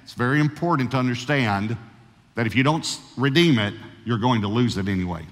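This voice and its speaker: A man preaching to a big church congregation, his mid-pitched voice carrying long reverb through the sanctuary. He drags out key words for emphasis and trips into quick restarts now and then. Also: animated. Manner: slows down to stress key words, with false starts. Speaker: pastor. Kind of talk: sermon. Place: large church.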